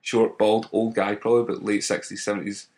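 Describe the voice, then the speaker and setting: A man's voice: lowish voice, level tone, a little fast, darkish tone. A man co-hosting a casual podcast chat, telling anecdotes with frequent laughter and swearing. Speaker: podcast co-host.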